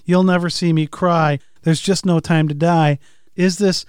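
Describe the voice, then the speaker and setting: A man's voice: on the high side, fairly even intonation, measured pace, clear, resonant tone, no echo, clean studio sound. A man co-hosting a podcast, casually speculating about song lyrics and asking questions. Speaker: podcast co-host. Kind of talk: casual analytical chat.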